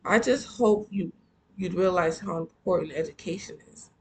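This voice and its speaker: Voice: medium pitch, normal speed, breathy edge, rough recording. A reader voicing a stern, lecturing middle-aged stepfather in a storybook read-aloud. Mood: stiff. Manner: lecturing, then stiffly apologetic. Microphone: earphone mic.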